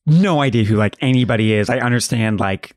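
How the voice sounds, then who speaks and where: A man's voice: medium pitch, fairly quick, no echo. A man co-hosting a podcast in casual chat, reacting in a dry, understated way. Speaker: podcast co-host.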